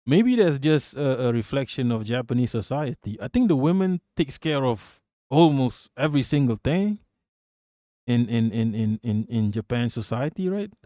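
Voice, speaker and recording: A man's voice: medium pitch, expressive, moderate pace, warm tone, no room sound, clean studio sound. A man giving a heated, profane live-stream rant, often repeating words as he pushes on.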